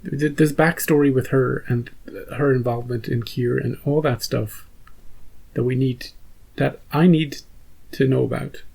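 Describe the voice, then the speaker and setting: A man's voice: medium pitch, fairly even intonation, measured pace, gravelly, a little mellow, breathy edge, poor audio. A man hosting a reaction channel, chatting casually and rambling through an episode recap with many restarts. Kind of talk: casual post-episode chat.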